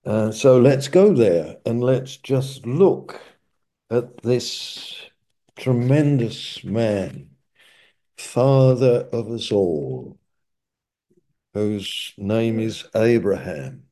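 Slow, dark-voiced male preacher. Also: medium pitch, lively intonation. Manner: slow, emphatic, repeats key phrases. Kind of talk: sermon.

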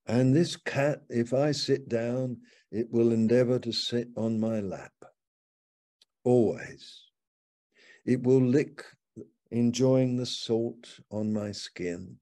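A man's voice: mid-range voice, mellow. An older man giving an informal, conversational sermon from the upstairs lounge of a home, reading scripture aloud as he reflects. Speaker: preacher.

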